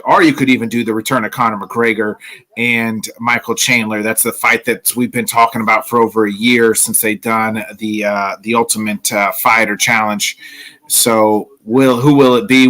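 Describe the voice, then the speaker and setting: Bright-voiced man hosting sports talk. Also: medium pitch. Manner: rambling, filler-heavy. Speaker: podcast host. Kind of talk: casual solo sports talk.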